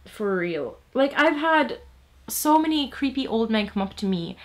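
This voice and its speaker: A woman's voice: sits high, expressive, moderate pace, fairly bright tone. A young woman from Latvia chatting casually while doing her makeup, swearing freely and saying "like" a lot. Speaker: beauty vlogger.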